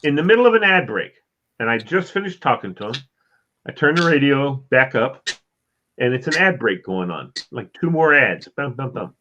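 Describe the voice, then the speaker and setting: A man with a bright, forceful voice tells a story in casual chat, animated and playful as he acts out the scenes. The recording sounds dull and lo-fi, with a faint hiss underneath. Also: mid-range voice, moderate pace. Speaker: co-host.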